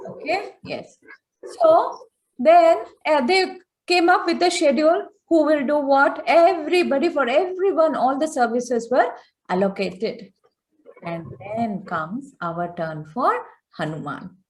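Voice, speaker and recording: A woman telling a devotional story to children on a video call, chatty and animated, full of fillers and coaxing questions to her listeners. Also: fairly high pitch, slight background noise. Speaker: storyteller teaching children online.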